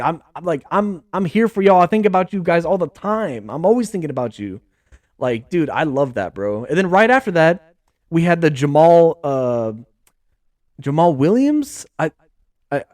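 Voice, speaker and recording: A man hosting a sports podcast, talking in a casual, excitable, rambling way full of slang. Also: on the high side, no echo, clean studio sound. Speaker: podcast host.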